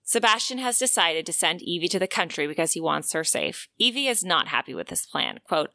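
A woman's voice: lowish voice, expressive, a little fast, vocal fry, few pauses, bright, forceful tone, no echo. A woman co-hosting a book podcast, recapping a romance novel and reading passages aloud with expression. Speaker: podcast co-host.

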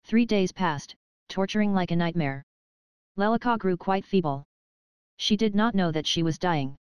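A woman reading an audiobook aloud in a measured, unhurried narration style. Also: on the low side, expressive, a little mellow, clear, resonant tone, no echo, muffled recording.

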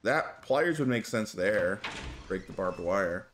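A man's voice: lowish voice, animated, slow pace, fairly bright tone, slight background noise. A man streaming a horror game live, reacting aloud to the game and chatting with his viewers. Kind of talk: live gameplay commentary. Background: game music.

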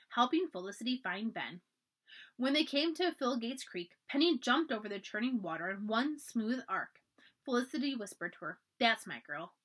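A woman librarian reading a children's storybook aloud, expressive and often dropping to a hush for the dramatic parts. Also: on the high side.

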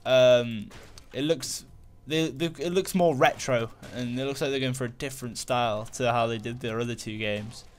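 Man, let's-play commentary, rambling, mid-pitched, easily excited. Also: moderate pace, hardly any pauses. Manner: rambling, full of fillers and restarts, easily excited. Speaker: gaming channel host.

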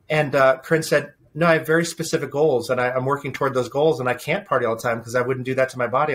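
A middle-aged man being interviewed as a leadership speaker, telling animated family anecdotes with frequent restarts. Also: medium pitch. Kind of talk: conversational interview storytelling.

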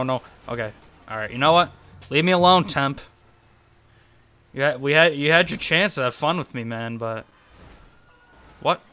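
An excitable young man talks through his online gameplay, his voice swinging widely in pitch and sounding bright and clean. He laughs often and mutters to himself between the action. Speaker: gaming YouTuber. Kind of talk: casual gameplay commentary.

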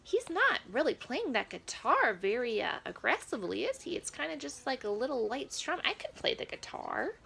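A woman doing a flustered, creaky old grandma. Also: high voice, very animated, normal speed, few pauses, sharp tone, exaggerated voice. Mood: bemused. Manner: prudish, flustered, rambling with quaint asides. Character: prim, nosy elderly grandmother reacting to a pop act. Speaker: comedic reaction host. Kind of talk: comedic character reaction video.

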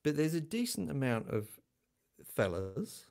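An older man hosting a casual livestream chat, self-deprecating and quick to laugh. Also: a little high, very animated, vocal fry, darkish tone. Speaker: channel host.

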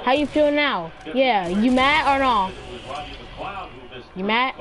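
A woman chatting casually while playing an online game, teasing a teammate over and over and yelling now and then. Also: sits high, animated, takes it slowly. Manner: taunting, repetitive teasing; loud, yelling outbursts. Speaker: gamer. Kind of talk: casual gaming chat.

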